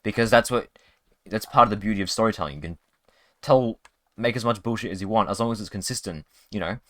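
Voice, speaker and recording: Low-voiced man rambling on a game stream. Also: quick pace, no room sound. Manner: rambling, many fillers and restarts. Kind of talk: casual live-stream commentary. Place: home streaming setup.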